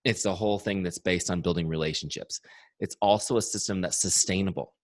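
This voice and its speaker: A man who founded a software company, leading an upbeat training webinar. He talks with enthusiasm and repeats his key points, in his early morning voice. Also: low voice, fairly even intonation, brisk, no echo.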